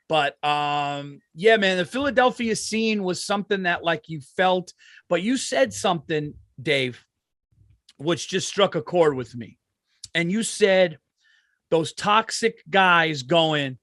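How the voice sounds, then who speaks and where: A male podcast host in casual chat, telling animated stories and swearing freely. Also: a little high, a little slow, dry recording, clean studio sound.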